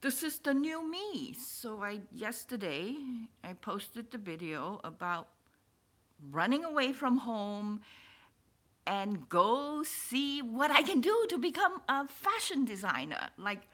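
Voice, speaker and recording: Slow-talking, emotional woman vlogger. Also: a little high. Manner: rambling, restarts and repeats words, excitable. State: emotional, stirred up. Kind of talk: personal vlog, emotional monologue.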